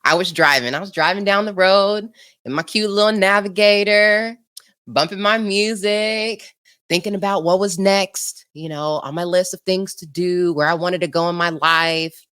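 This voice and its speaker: A woman's voice: lowish voice, steady tone, moderate pace, fairly bright tone, smooth. A woman hosting a podcast in casual, bubbly chat, laughing often as she tells stories. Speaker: podcast host.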